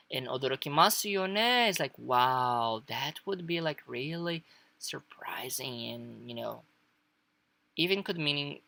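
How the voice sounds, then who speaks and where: A woman's voice: extremely low pitch, gravelly, a bit bright, dry recording. A woman teaching Japanese in a casual online lesson, chatty and loose, with lots of fillers and frequent laughs.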